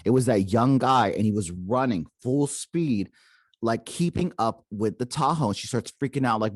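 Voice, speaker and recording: A man's voice: medium pitch, normal speed, dry recording. A man hosting a paranormal podcast, casually retelling a secondhand encounter and quoting the people in it, with lots of "like" and "okay?". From Arizona. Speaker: podcast host. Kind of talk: casual storytelling.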